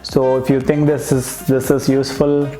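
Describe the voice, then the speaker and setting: A man's voice: medium pitch, level tone, moderate pace, warm tone. A man with a Malayali English accent teaching vocabulary, patiently repeating each example phrase. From Kerala, India. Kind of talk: lesson. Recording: roomy echo with faint music.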